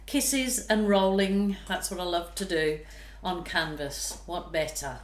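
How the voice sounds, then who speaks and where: A woman's voice: lowish voice, a little hiss or hum. A woman painter from Australia, gushing with exclamations as she chats casually to her viewers while painting. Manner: gushing, exclamatory, drawn-out delight. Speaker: fluid art painter. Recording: echoey room.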